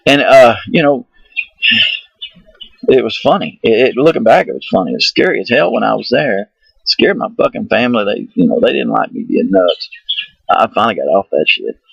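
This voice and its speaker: A middle-aged man from the United States telling a rambling, profane story about himself, excitable and laughing at his own misadventures. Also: medium pitch, a little fast, vocal fry, slightly rough, no echo, highs cut off.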